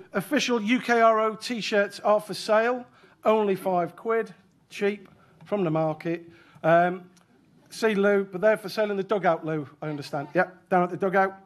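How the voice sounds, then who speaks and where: A man from the UK chairing an event and giving a joking, chatty welcome speech in a function room. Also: sits high. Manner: joking, self-deprecating, chatty. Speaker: chair of rescue organisation, event speaker.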